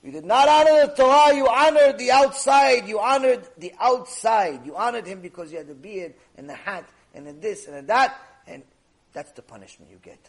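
A man's voice: sits high, expressive, normal speed, fairly bright tone, husky, exaggerated voice, poor audio. A man doing a stern wise sage. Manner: firm, repeating for emphasis. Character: wise humble male sage, firm and stern.

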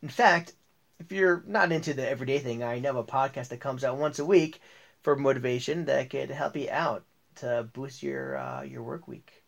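A man's voice: mid-range voice, normal speed, vocal fry. A man hosting a motivational podcast, talking in an upbeat, chatty way with a few fillers and restarts. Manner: upbeat, reads ads and tells jokes with restarts and fillers. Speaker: podcast host.

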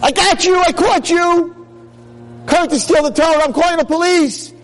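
A man voicing an angry synagogue rabbi who shouts and scolds. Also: high voice, huge pitch swings, moderate pace, gravelly, slightly rough, pitched above the performer's own voice, heavily acted. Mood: furious.

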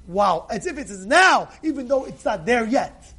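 Man, rabbi, very high voice, animated storytelling sermon, repeats himself. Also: normal speed, hardly any pauses, breathy edge. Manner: lively storyteller, repeats words, acts out quotes. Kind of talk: storytelling Torah talk.

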